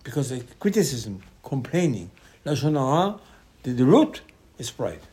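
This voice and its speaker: A man's voice: medium pitch, very animated, normal speed, mellow. A man, a rabbi, preaching a Torah sermon with passion, repeating phrases and acting out quoted dialogue. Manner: impassioned, repetitive, acts out quoted dialogue.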